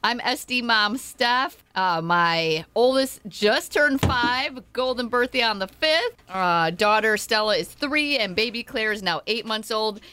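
A woman in her thirties, a stay-at-home mom co-hosting, chatting in an animated way and laughing often. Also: a little high, measured pace, hardly any pauses, slight background noise. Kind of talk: casual chat.

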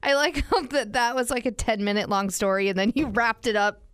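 A young woman co-hosts a casual chat, blunt and teasing as she hands out practical advice. Her voice is smooth and clear, recorded dry and close to the mic. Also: fairly high pitch, brisk, dry recording. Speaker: podcast co-host.

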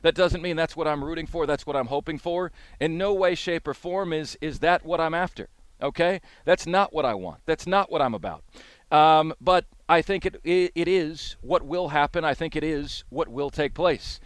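A man's voice: fairly high pitch, moderate pace, smooth, no room sound. Emphatic male sports radio host. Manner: emphatic, repeats his points for emphasis. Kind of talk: sports talk radio monologue.

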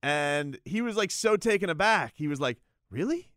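Guy doing a casual boxing talk show, smooth clear voice, dry close mic, rambles and gets animated telling stories. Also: on the high side, moderate pace, no room sound. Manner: rambling, animated storytelling with restarts. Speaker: boxing radio host. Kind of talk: casual sports talk monologue.

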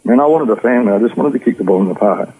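Australian man, low husky voice, quick rambling testimony, tinny phone-like sound. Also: lively intonation. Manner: earnest, rambling storytelling. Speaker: interview guest. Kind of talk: personal testimony. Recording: tinny phone-like radio audio.

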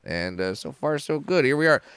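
A man in his forties, a comedian guest on a podcast, telling stories in a profane, animated way and acting out quotes. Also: mid-range voice, normal speed, clean tone, dry recording. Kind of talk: casual podcast interview storytelling. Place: podcast studio.

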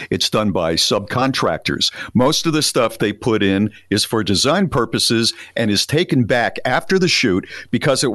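A man's voice: on the low side, fairly bright tone, dry recording. A man co-hosting a podcast, reading listener stories in a plain, matter-of-fact way. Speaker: podcast co-host.

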